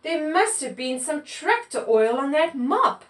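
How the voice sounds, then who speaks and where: A woman putting on a kindly, clumsy female cow from a picture book, raised in pitch and reassuring. The voice rings in a roomy space, a little distant from the mic. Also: very animated, measured pace. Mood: helpful. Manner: reassuring, apologetic. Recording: echoey room, mic far off.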